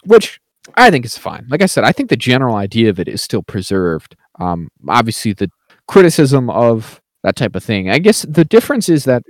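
A man's voice: medium pitch, huge pitch swings, normal speed, dry recording. A man co-hosting a podcast, chatting casually about a film and often saying "like I said" and "right?". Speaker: podcast co-host.

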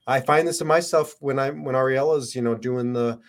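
A man's voice: medium pitch, fairly even intonation, fairly quick. A man co-hosting a podcast, explaining ideas in a reflective, wry, conversational way. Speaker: podcast co-host. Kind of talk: casual podcast chat.

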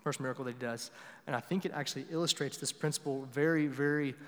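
A young male pastor preaching a sermon in a conversational way, repeating words and swinging between loud emphasis and quiet asides. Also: medium pitch, steady tone, fast, long reverb tail.

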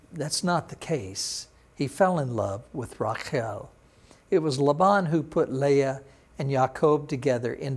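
A middle-aged male pastor giving a sermon, explaining Hebrew words and pronunciation in a teaching manner. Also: mid-range voice.

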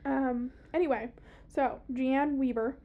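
A young woman with a high voice hosts a podcast from a podcast room. She chats loosely, with plenty of fillers and the odd swear word, keeping things casual. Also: fairly even intonation, slow pace, narrow, tinny audio. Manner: chatty, swears, many fillers. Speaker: podcast host. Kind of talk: casual chat.

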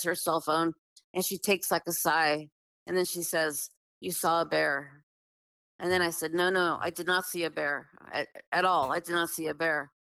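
A woman's voice: fairly low pitch, no echo, poor audio. A woman telling a long personal story in a casual, earnest way, full of "like" and restarts. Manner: earnest, animated, filler-heavy with many restarts. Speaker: guest telling her story.

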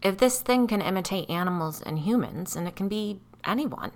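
A woman voicing an anxious, shrill middle-aged woman in a story reading, urgent and fretful. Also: lively intonation, normal speed, gravelly, darkish tone.

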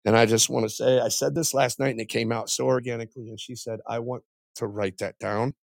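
Gravelly middle-aged man giving testimony. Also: mid-range voice, fairly even intonation, no room sound. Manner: halting and heartfelt, with frequent pauses and restarts. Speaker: podcast guest. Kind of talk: personal faith testimony.

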